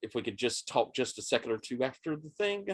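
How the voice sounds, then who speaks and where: A man running a tabletop roleplaying game as game master, narrating scenes in a measured, descriptive way. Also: mid-range voice, very animated, breathy edge, dry recording, clean studio sound.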